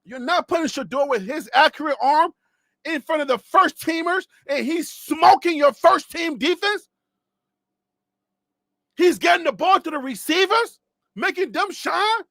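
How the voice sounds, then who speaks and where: A man from Liberia ranting on a live sports stream, animated and mocking, dropping to low asides and rising to shouts while losing his voice. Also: a little slow, no room sound, studio quality. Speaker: sports commentator.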